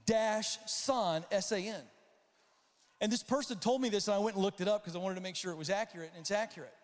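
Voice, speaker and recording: A high-pitched man telling stories from a conference stage, throwing himself into the voices and shouts of the people he describes. His voice carries a long reverb from the large hall around him. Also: fairly quick. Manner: animated storyteller acting out voices and shouts. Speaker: conference speaker. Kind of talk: storytelling keynote talk.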